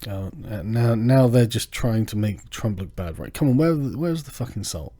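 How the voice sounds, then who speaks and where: Male channel host, mellow low timbre, swears freely, sarcastic and heated in a loose livestream rant. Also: normal speed. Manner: profane, sarcastic, animated.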